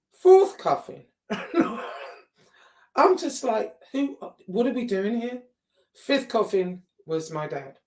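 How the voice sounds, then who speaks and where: A woman recounts a story in a loose, chatty way, her voice sitting at an ordinary middle pitch. She acts out the people in it and lets her exasperation show, with a swear here and there. She sounds a little distant, as if the mic sits some way off. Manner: animated, exasperated retelling with quoted dialogue and swearing. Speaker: vlogger. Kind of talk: casual storytelling to camera.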